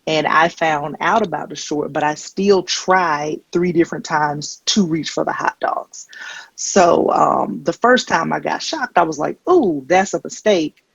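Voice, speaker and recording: A woman comedian performing a stand-up set, telling stories with deadpan, wry asides into a handheld stage mic. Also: deep voice, measured pace, creaky, husky, no room sound, lo-fi sound. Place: comedy stage before a live audience.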